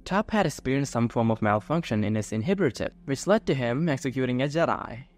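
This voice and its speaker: A man's voice: mid-range voice, animated, quick pace. A man narrating a science-fiction fan-fiction story in a scripted, dramatic storytelling manner. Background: faint music.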